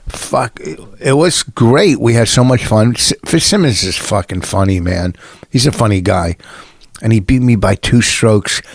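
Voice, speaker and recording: Comedian guy rambling thru stories, kinda low voice, dry close mic. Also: creaky, dry recording. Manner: rambling, listing anecdotes. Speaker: comedian podcast co-host. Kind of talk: casual comedic banter.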